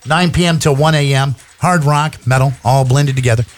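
A man's voice: medium pitch, normal speed, faint music behind. Chatty male radio host, rambling. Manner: rambling, stumbling over words with fillers. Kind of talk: casual radio banter.

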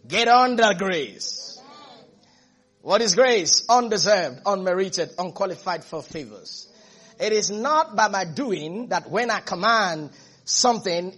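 A man's voice: high voice, a bit bright. A man preaching a sermon as pastor, emphatic, repeating phrases and often asking the congregation if they are listening.

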